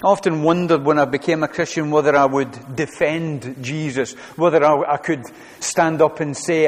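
A man's voice: fairly high pitch, steady tone, moderate pace, in a large hall. A man preaching a sermon to his congregation, earnest and repeating his phrases as he goes. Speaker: pastor.

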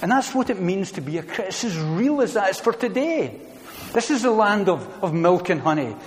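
A middle-aged man preaching a sermon, earnest, building to loud emphatic declarations with repeated phrases. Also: high voice, very animated, fairly quick. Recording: long reverb of a church hall.

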